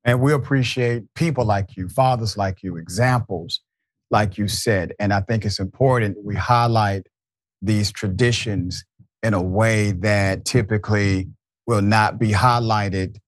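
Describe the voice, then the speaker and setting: A man hosting a talk show, speaking in a measured way and praising his guest. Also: on the low side, no echo, studio quality. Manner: measured, warm praise, addresses guest as dear brother. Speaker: host.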